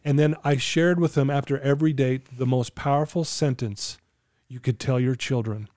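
A man's voice: mid-range voice, fairly even intonation, moderate pace, a little mellow, no echo, studio quality. A middle-aged man sharing parenting advice in a casual podcast chat, earnest and coaching. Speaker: podcast guest.

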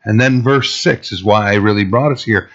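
A man preaching a conversational sermon, full of fillers and asides, rising in pitch when he stresses a point. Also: moderate pace, muffled recording. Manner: casual and rambling, heavy fillers, rises in pitch for emphasis. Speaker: pastor.

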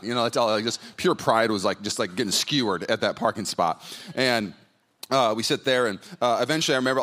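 A pastor in his thirties preaches to a congregation in a church hall, his medium-pitched voice a bit bright. His sermon is chatty and anecdotal, with many fillers and restarts.

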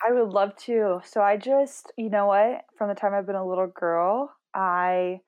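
A woman's voice: medium pitch, fairly even intonation, moderate pace, darkish tone, dull audio. A young woman, a podcast guest, talking earnestly and with passion in a rambling, casual interview.

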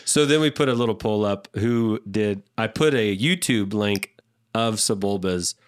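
Male podcast co-host, lower voice, animated chuckling storyteller. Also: unhurried, smooth, no echo, clean studio sound. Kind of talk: casual podcast chat.

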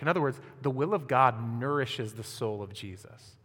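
A male pastor preaching a sermon, reading scripture and asking the congregation rhetorical questions in an animated way. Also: mid-range voice, moderate pace. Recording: long hall reverb.

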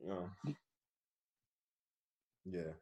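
A man in casual chat, telling an animated, profane story and laughing often. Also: deep voice, drawn-out words, reverberant, slight background noise. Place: his office.

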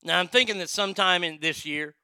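A Texan man ranting casually about fast food, swearing a lot and stumbling over restarts. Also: high-pitched, sharp tone, clear, resonant tone, no echo, clean studio sound. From Texas. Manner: profane, rambling, stammering restarts. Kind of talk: casual rant.

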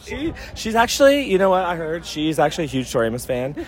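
A man's voice: on the high side, sing-song. A man hosting casual chats with concert fans outside a venue, joking, teasing and swearing freely. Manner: quick, playful, swears freely. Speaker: host interviewing concert fans.

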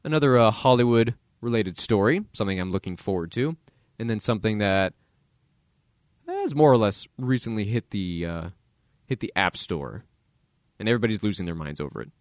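A man's voice: lowish voice, big pitch swings, fairly quick, no room sound, studio quality. A man hosting a podcast with casual opinion commentary, blunt and acting out voices of other people in his dialogue. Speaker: podcast host.

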